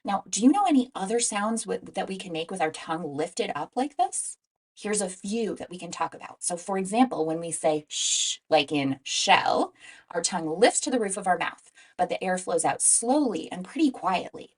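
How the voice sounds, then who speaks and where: A woman teacher giving a phonics lesson for young children, slowly modeling each speech sound. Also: on the low side, animated. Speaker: reading teacher.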